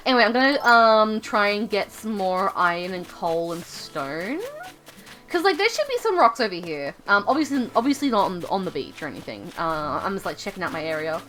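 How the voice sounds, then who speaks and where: A woman's voice: mid-range voice, big pitch swings, brisk, fairly bright tone, soft background music. A woman streaming a game, chatting casually and rambling with many fillers and jokes.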